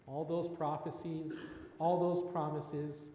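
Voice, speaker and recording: A man preaches a sermon in an earnest, storytelling way, letting his voice sink quietly at dramatic pauses. His voice sits a little high for a man. The recording has the roomy echo and long reverb of a church sanctuary. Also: flat delivery. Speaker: pastor.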